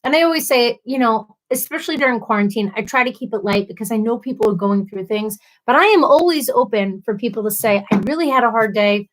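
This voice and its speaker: A woman with a fairly high, expressive voice hosts a relaxed livestream, speaking fast with few pauses. She reads viewers' comments out loud and responds sympathetically, tossing in playful asides.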